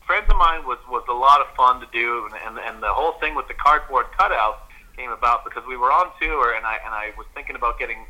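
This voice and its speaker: Bright-voiced man telling stories. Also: mid-range voice, fast, dull audio. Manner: chatty storytelling. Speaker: country singer guest. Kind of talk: casual interview chat.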